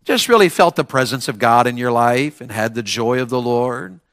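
A male preacher delivering a revival sermon, telling folksy stories with restarts and repeated questions that build to high shouted climaxes. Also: expressive, normal speed. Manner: folksy Southern storytelling with restarts.

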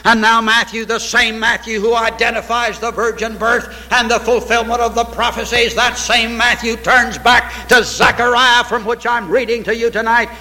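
A man preaching a sermon, reading scripture aloud and pressing each point with emphasis until he breaks into shouts. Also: very high voice, flat delivery, normal speed, few pauses. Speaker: pastor. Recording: echoey hall with long reverb.

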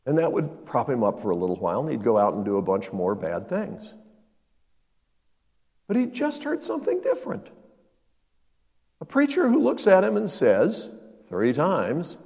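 Older male preacher, animated storytelling sermon with lively pitch, reverberant hall sound. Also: moderate pace, pauses often. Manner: storytelling, acting out dialogue with emphatic rises. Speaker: pastor.

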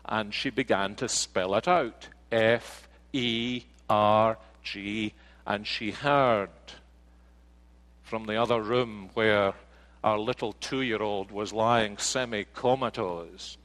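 A man's voice: lowish voice, slow pace, a bit bright, low-quality recording. A man preaching a sermon, earnest, with rhetorical questions and homely anecdotes. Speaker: pastor.

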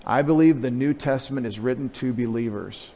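A man's voice: medium pitch, a little fast, mellow, long reverb tail. A male pastor preaching a conversational teaching sermon, asking rhetorical questions and restarting phrases as he explains.

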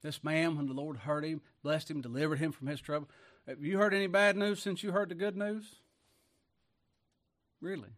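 A man preaching a folksy sermon, swinging between loud declaiming and hushed asides, chuckling often and talking in plain homespun speech. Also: on the high side, normal speed, long pauses.

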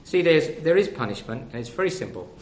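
A man's voice: medium pitch, big pitch swings, quick pace, slight background noise. An older man preaching a sermon, conversational and full of rhetorical questions.

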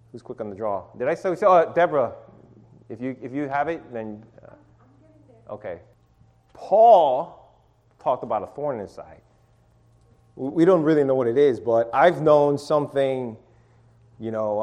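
Lively, animated man teaching scripture. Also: medium pitch. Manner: conversational, repetitive restarts, calls on audience. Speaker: Bible study teacher. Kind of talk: interactive church teaching.

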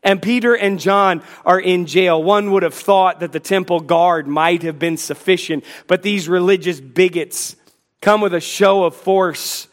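A male pastor preaching a sermon, moving between intense, emphatic passages and quick joking asides to the congregation. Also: sits high, steady tone.

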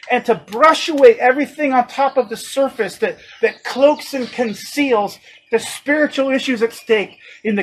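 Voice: medium pitch, slight background noise, rough recording. A preacher delivering a sermon, emphatic and fond of rhetorical questions.

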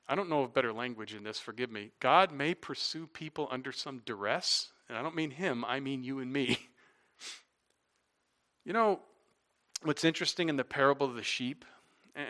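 A middle-aged man preaching a sermon as pastor, animated and conversational, rising loud for emphasis with casual asides. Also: medium pitch.

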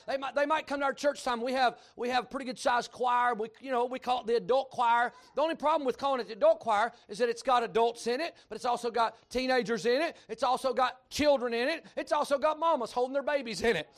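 High-voiced Kentucky pastor preaching. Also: male voice. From Kentucky, USA. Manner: folksy, animated storytelling, bursts of shouting. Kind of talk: sermon.

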